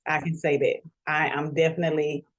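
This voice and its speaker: A woman's voice: low voice, flat delivery, moderate pace. A middle-aged woman being interviewed, heartfelt and close to tears with gratitude. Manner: tearful, grateful, heartfelt. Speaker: interview guest. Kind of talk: emotional interview.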